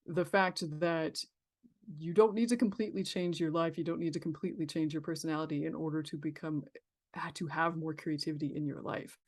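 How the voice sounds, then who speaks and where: Chatty, reflective woman with lowish voice. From San Diego, California. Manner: reflective, chatty, many fillers and restarts. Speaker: therapist guest. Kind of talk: casual podcast interview.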